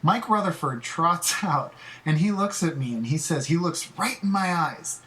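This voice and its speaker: Slightly high-voiced man telling a story. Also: moderate pace. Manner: animated anecdote teller, stammering restarts. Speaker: podcast guest. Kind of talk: casual storytelling.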